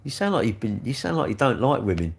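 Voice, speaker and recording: Gravelly and sing-song, this mid-range male voice moves at a quick pace. He's an older Englishman running a laid-back livestream, reading viewers' comments aloud and firing back cheeky, blunt replies full of "mate" and "innit."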